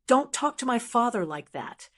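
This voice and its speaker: A woman playing a shrill resentful wife. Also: very animated, moderate pace. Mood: resentful fury. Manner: indignant, yelling.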